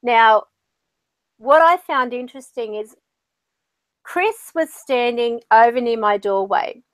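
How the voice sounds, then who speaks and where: Slow-paced and fairly high-pitched, with no room sound, the woman host and spiritual medium talks casually. She narrates stories and performs what others said in their own voices, keeping things chatty.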